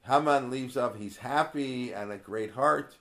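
A man's voice: mid-range voice, unhurried, pushed and bright. A man teaching a text study class in a casual, conversational way, asking rhetorical questions and quoting verses aloud. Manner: conversational, asks many rhetorical questions, quotes Hebrew verses; digressive, with many restarts. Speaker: religious studies teacher. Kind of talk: Torah class lesson.

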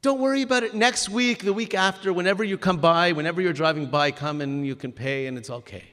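A man voicing a gas station attendant who yells in high, indignant bursts, in a hall with long reverb. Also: fast. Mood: kindly. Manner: shouting, indignant, high-pitched outbursts.

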